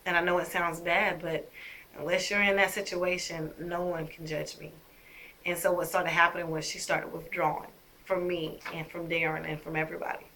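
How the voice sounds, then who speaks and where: A woman's voice: on the low side, little pitch movement, normal speed, bright, forceful tone, a little hiss or hum. A woman telling her own story to her viewers, emphatic and indignant as she picks apart messages. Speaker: vlogger. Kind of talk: personal storytelling to camera.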